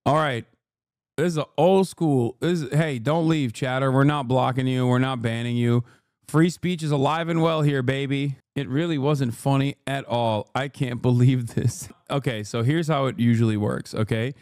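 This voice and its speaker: A man's voice: medium pitch, moderate pace, a little mellow, smooth, no echo, clean studio sound. A male streamer giving live reaction commentary in a profane, sarcastic, ranting way.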